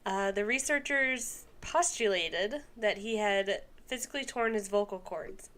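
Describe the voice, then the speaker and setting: A young woman reads a long story aloud on a podcast. Her voice sits in a mid range. She pauses often for casual asides and trips over words now and then. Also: medium pitch, a bit bright. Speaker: podcast co-host.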